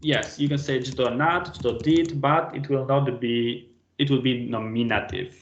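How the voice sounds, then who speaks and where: A man's voice: medium pitch, unhurried, roomy sound, muffled recording. A man teaching an online language class, patiently quizzing students by name on a video call.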